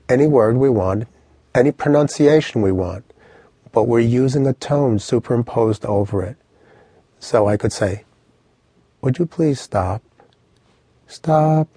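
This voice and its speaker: Male language tutor for an audio course: low, slightly husky, animated explainer, dry studio. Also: no echo. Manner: lively, vivid storytelling with instructions. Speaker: language teacher.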